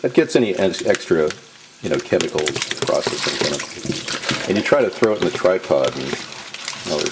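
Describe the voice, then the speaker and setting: A man's voice: low voice, very animated, normal speed. A man hosting a casual home cooking demonstration in his kitchen, rambling into jokey asides as he works. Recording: sizzling pan noise behind voice. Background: frying and sizzling, knife clicks.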